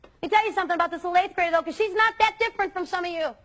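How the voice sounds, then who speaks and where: A woman's voice: very high-pitched, very fast, a bit bright. A woman youth speaker giving an earnest, emphatic motivational talk to students.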